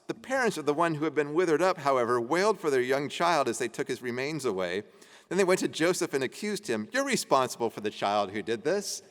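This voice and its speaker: A man teaching an adult education class at a church, reading ancient texts aloud and talking them over casually. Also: medium pitch. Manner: conversational, laughing while reading old texts aloud. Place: church meeting room. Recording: church hall reverb.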